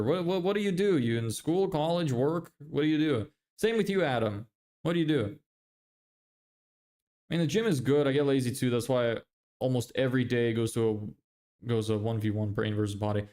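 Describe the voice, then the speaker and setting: Mid-range and darkish in tone, this young Irishman's voice carries a casual livestream where he reads out viewer messages. He swears and laughs often; he's a livestreamer who also owns an agency.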